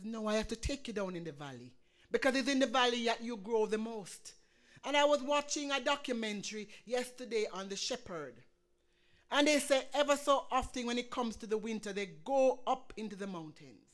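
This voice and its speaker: A woman preaching a sermon, quoting scripture and building to fervent emphasis. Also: on the high side.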